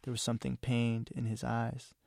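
A man reads his own literary fiction aloud with a measured, somber delivery. His voice is low, gravelly and almost monotone, recorded dry and close. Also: dry recording. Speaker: author reading his novel. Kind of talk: literary reading.

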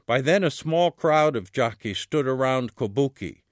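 A man reads his own book aloud, measured and steady, his voice sinking low on each dialogue tag. His pitch sits at an ordinary middle, and the recording is dry and close. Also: no echo. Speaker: author.

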